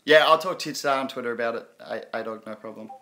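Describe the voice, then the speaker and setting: On a casual crypto livestream, a male host talks in a loose, meandering style, frequently pausing to read viewer comments out loud and laughing along. His bright, forward voice is mid-range, and he speaks fast.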